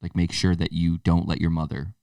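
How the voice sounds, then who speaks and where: A man's voice: sits low, little pitch movement, fairly quick, gravelly, mellow, no room sound, distant mic. A man co-hosting a podcast, telling stories in casual chat and laughing through them. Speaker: podcast co-host.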